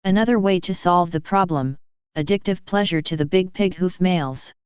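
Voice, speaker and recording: A woman voicing a seductive, cruel female succubus demon who speaks softly and coquettishly in an audiobook. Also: lowish voice, normal speed, clean tone, dry recording, highs cut off, close to an everyday voice. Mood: teasing. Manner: soft, coquettish and teasing.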